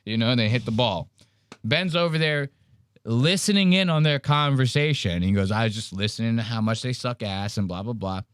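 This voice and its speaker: A man hosting a podcast, telling a story in casual banter with crude, animated mocking impressions. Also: mid-range voice, a little fast, smooth, dry recording. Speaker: podcast host.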